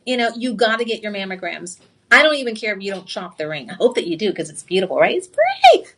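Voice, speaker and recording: A woman presenting jewelry on live TV shopping, excitable and chatty, confiding personal stories and throwing sassy asides to viewers. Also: medium pitch, quick pace. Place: TV shopping studio.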